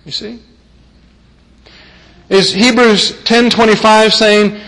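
His high-pitched, slightly bright voice moves a little slowly, broken by long pauses, as he preaches with emphasis. He circles back to key phrases and throws rhetorical questions at the congregation, all ringing with the long reverb of a big church meeting hall.

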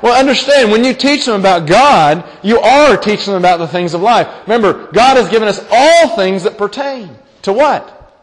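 Man, young, pastor, sermon, high voice, earnest, repeats key lines, church hall reverb. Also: animated, normal speed. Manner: earnest preaching, repeats key phrases, poses questions to the congregation.

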